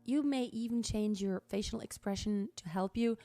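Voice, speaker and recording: A woman teaching a singing lesson, speaking with enthusiasm and encouragement and now and then dropping to a breathy tone to show voice colors. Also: medium pitch, moderate pace, dark tone, dry recording, clean studio sound, soft background music. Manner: enthusiastic, encouraging, shifts between strong and breathy tones. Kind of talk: vocal lesson with sung demonstrations.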